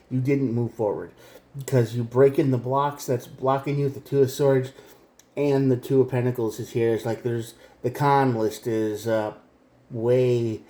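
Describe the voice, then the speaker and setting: Speaking straight to the camera, a male tarot reader gives a reading in a blunt, emphatic way. His voice is medium-pitched and warm, and the room has an echo.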